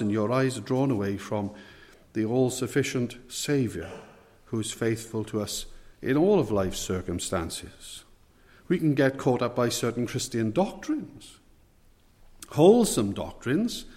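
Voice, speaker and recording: A man preaching an expository sermon in an earnest, measured way, sometimes posing questions to his listeners. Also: medium pitch, darkish tone, big-room sound.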